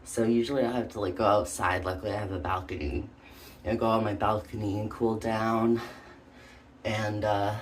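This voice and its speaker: This vlogger's voice is medium-pitched with little pitch movement, and they speak at a normal speed. Breathless and hesitant, they chat casually about personal things, filling gaps with lots of ums and likes, over a slight background hiss or hum.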